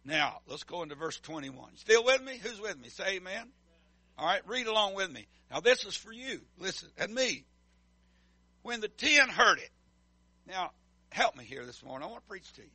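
Man, pastor's sermon, call-and-response, high, dry close sound. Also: big pitch swings, moderate pace, pushed and bright, dry recording. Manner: emphatic call-and-response preaching.

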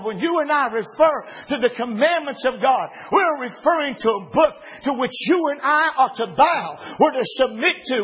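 A male pastor preaching a fervent sermon from the pulpit, often pausing on "uh" and rising to shouts. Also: extremely high pitch, husky, low-quality recording. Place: church sanctuary.

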